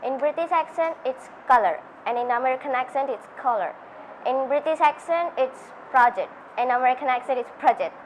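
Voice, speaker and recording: Eager girl student, high voice. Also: fast talker, few pauses, a little hiss or hum, rough recording. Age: teens. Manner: eager, demonstrating accents. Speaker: student interviewee. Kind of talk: interview answers.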